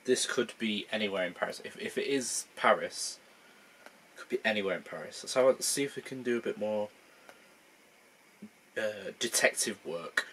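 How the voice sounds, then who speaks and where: A man's voice: lowish voice, moderate pace, pauses often, a bit bright, a little hiss or hum. A young man thinking aloud in casual gameplay commentary, rambling and poking fun at himself. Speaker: gaming channel host.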